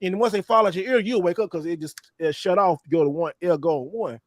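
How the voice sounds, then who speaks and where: Texan male podcast host, animated slangy storyteller, high voice. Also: quick pace, no echo. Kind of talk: casual chat.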